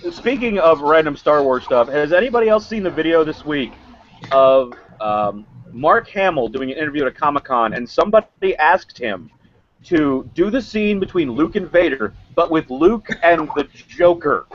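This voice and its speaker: A man's voice: on the high side, lively intonation, moderate pace. A man co-hosting a casual podcast, rambling and often stammering and restarting his sentences. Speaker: podcast co-host. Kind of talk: casual chat. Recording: dull lo-fi audio, faint hiss.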